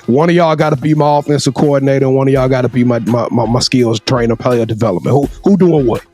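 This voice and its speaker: A man's voice: medium pitch, quick pace, warm tone, faint music behind. A man hosting a casual interview, asking questions in a playful way. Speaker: host.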